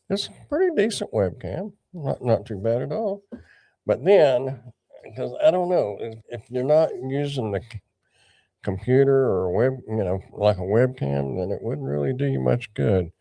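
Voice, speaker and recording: A man's voice: medium pitch, lively intonation, unhurried, creaky, dark tone, dry recording. An older man hosting a casual livestream, rambling and greeting viewers by name. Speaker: livestream host.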